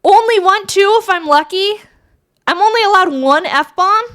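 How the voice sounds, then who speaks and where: A woman's voice: extremely high pitch, a little slow, a bit bright. A woman streamer chatting casually with her viewers, crude and giggly, bantering with chat. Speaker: VTuber streamer.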